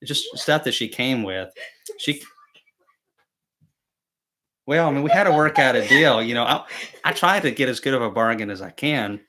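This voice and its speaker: Medium-pitched with a sharp tone, the young host of a beekeeping channel talks through a relaxed live chat. He rambles through self-deprecating tales, restarting often and leaning on fillers.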